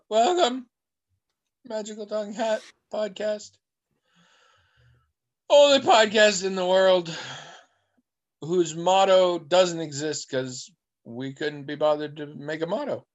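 A man's voice: sits high, highs cut off. A man co-hosting a podcast, chatting casually and wandering off on digressions as he tells stories. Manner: rambling, digressive storyteller. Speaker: podcast co-host.

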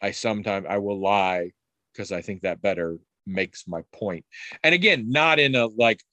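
A middle-aged man in casual conversation, telling rambling stories with frequent restarts and animated quoted voices. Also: on the low side, moderate pace, no echo. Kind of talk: casual chat.

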